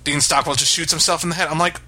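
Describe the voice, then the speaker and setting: A man's voice: a little high, fairly even intonation, fast, pushed and bright. A man co-hosting a podcast, talking casually in a rambling way with many restarts. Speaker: podcast co-host. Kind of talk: casual chat.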